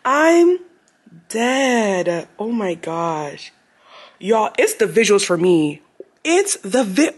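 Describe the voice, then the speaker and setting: A woman's voice: medium pitch, wildly swooping pitch, slow pace, breathy edge. A young woman vlogging casually, often laughing and exclaiming in disbelief. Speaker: lifestyle vlogger. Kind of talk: casual vlog chat.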